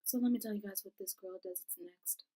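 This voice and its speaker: A young woman telling a storytime vlog, animated and profane, acting out the dialogue. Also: mid-range voice, brisk, low-quality recording. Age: young adult. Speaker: vlogger.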